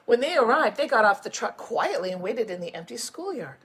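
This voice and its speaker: A woman school principal reading a picture book aloud to children, with animated storytelling and chatty asides. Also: a little high, a little fast, breathy edge. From United States.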